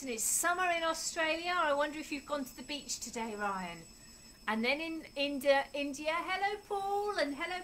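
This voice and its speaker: Cheerful high-voiced woman hosting a kids' club. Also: fairly bright tone, a little hiss or hum, poor audio. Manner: cheerful, sing-song greetings. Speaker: children's Bible club host. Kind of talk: friendly talk to children.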